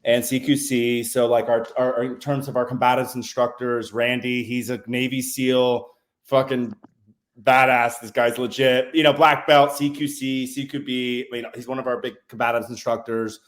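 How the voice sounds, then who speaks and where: A man's voice: mid-range voice, little pitch movement, normal speed. A man who is a veteran and a podcast guest, telling stories in a loose, rambling way with plenty of swearing. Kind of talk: casual storytelling.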